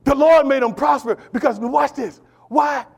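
A pastor preaches to his congregation in a strikingly high voice, leaning into call-and-response. He shifts from ringing proclamations to near-whispers, with relaxed church vernacular in his delivery. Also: normal speed, gravelly. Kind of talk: sermon.

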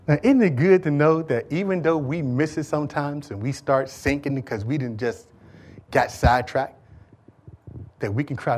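A man with a high voice preaches to his congregation, swinging between relaxed, colloquial asides and loud, emphatic call-outs. He keeps the people involved with questions and repetition. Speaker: pastor. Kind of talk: sermon.

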